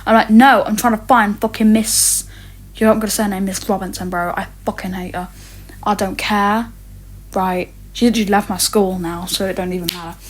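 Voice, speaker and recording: A teenage vlogger delivers a rambling, rant-style storytime, cursing frequently and tripping over lots of fillers and restarts. The voice is mid-range and steady, at a normal speed.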